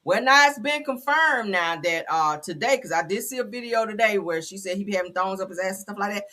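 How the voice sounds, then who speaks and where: A woman's voice: mid-range voice, fairly quick. A woman hosting a gossip commentary show, talking bluntly and sassily with plenty of cursing. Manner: blunt, profane, sassy and animated. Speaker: commentary channel host.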